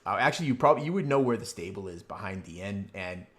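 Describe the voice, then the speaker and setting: Guy dm narrating a fantasy game, lowish voice, lots of ums and uhs, laid back. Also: animated, quick pace. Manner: casual, rambling, filler-heavy descriptions. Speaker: game master.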